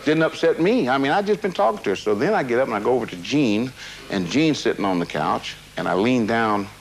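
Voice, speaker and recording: A man's voice: mid-range voice, expressive, brisk, gravelly, poor audio. A man being interviewed, recounting a personal memory in a rambling, casual way with many fillers and restarts. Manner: casual, drops "man" into his talk.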